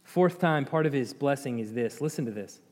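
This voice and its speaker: In a church hall with plenty of echo, a mid-range-voiced man teaches a Bible study at a normal speed. He brings the story to life with laughter and asides to his class.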